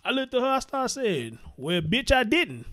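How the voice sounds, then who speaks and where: Host, male, high-pitched, blunt and profane live commentary, repeats lines for emphasis. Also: big pitch swings, normal speed, fairly bright tone.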